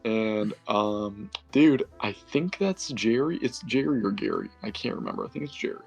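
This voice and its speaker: Male tabletop player, low gravelly voice, rambling casual recap, faint guitar music underneath. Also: expressive, moderate pace. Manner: rambling, self-correcting, filler-heavy.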